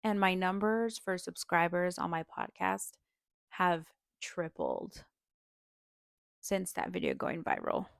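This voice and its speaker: A young woman hosting a podcast talks slowly in a lowish, creaky, sing-song voice, captured at studio quality with no room sound. Her personal story comes out casual and sincere, openly emotional, with plenty of "um" and "like" fillers and little laughs throughout.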